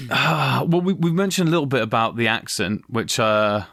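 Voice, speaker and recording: Guy chatting about a movie, lively and sweary, dry close sound. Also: mid-range voice, normal speed, dry recording. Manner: chatty, animated, swears casually. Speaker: podcast co-host. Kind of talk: casual film review chat.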